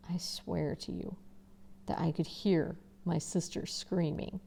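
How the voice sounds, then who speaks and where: A woman teacher reading a novel aloud in first person, expressive and conversational, with casual asides to listeners. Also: lowish voice, slow, creaky, husky.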